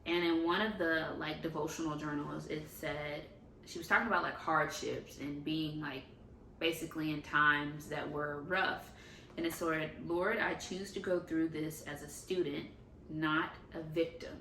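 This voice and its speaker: A woman's voice: sits low, fairly even intonation, a little slow, bright, forceful tone, distant mic, slight background noise. A young woman talking candidly in a casual confessional vlog, often saying "like" as she goes. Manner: candid and talkative, uses 'like' often. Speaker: faith vlogger. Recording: echoey room, faint ambience.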